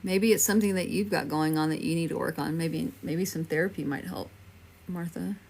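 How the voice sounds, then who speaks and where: Her voice is low, steady and brisk, creaky yet a little mellow. She's a fifty-something Texan medium hosting a casual livestream, reading viewer comments and soothing people by name.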